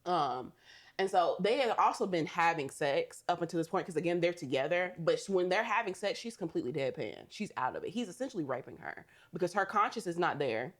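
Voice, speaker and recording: A woman's voice: lowish voice, lively intonation, brisk. A woman co-hosting a podcast, animatedly recapping a movie in casual chat, swearing and laughing often. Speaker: podcast co-host.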